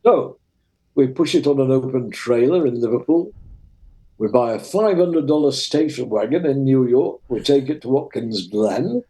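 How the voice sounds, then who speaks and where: A man's voice: medium pitch, normal speed, low-quality recording. An older man with a Lancashire English accent, a retired racing driver telling vivid anecdotes as an interview guest. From Lancashire, England. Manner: lively, vivid storyteller.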